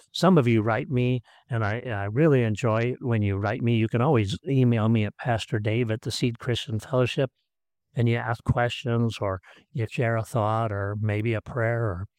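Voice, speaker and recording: A man, a pastor, preaching a sermon in an earnest way, often repeating his words and swinging between emphatic lines and quiet ones. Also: medium pitch, no room sound.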